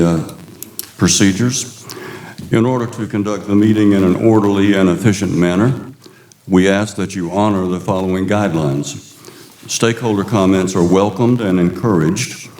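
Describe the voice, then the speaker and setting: A man's voice: deep voice, darkish tone, a little hiss or hum. A man chairing a school board meeting, formally reading out the procedures for public comments. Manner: formal, measured. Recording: echoey meeting room.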